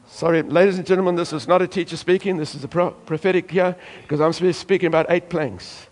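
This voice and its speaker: A man's voice: fairly high pitch, fairly even intonation, fast. A man from South Africa preaching a sermon emphatically, now and then acting out voices from the congregation. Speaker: pastor.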